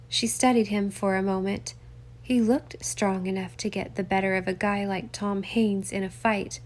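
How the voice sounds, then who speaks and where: Woman narrating a story evenly. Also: mid-range voice. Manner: even, measured storytelling. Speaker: audiobook narrator. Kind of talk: scripted narration.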